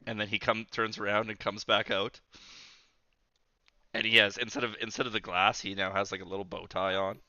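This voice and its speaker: A man's voice: on the low side, level tone, brisk, sharp tone, dry recording, muffled recording. A man narrating as game master, rambling and correcting himself as he goes.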